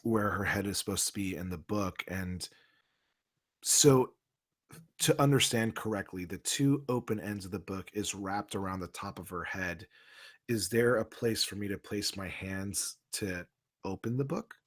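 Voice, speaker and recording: A man's voice: sits low, moderate pace, a bit bright. A man playing a tabletop game, hesitant and stammering as he speaks. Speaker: player.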